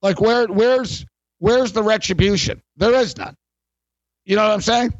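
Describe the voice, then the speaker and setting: A man's voice: sits high, a little slow, no room sound, muffled recording. A man hosting a sports talk radio show, ranting in a rambling, sarcastic way with many fillers.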